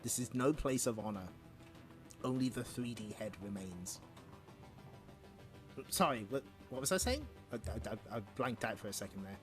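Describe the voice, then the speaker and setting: A man hosting a stream, reading a comic aloud in an animated way and laughing often between lines. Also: medium pitch, normal speed, pauses often, music in the background. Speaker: stream host.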